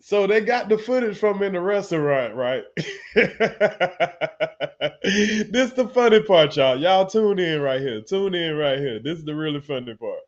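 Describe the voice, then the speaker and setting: Excitable high-voiced man ranting. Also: unhurried, muffled recording. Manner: laughing, profane, excitable. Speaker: commentary channel host. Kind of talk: casual news commentary.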